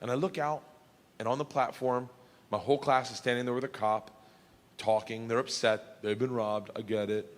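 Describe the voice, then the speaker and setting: A man doing stand-up storytelling, loud and excitable, swearing and building to shouts, on a roomy stage with audience noise. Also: medium pitch, normal speed. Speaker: comedian.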